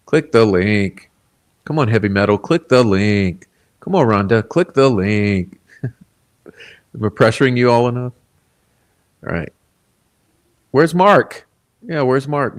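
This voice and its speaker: A man hosting a casual livestream, reading viewer comments aloud in a laid-back, rambling way, chuckling often. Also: mid-range voice. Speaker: livestream host.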